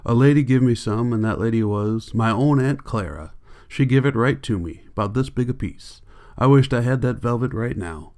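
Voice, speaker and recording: A man voicing a big, simple-minded ranch hand who speaks softly and pleads like a child, in an audiobook reading. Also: mid-range voice, normal speed, lightly acted. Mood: happy.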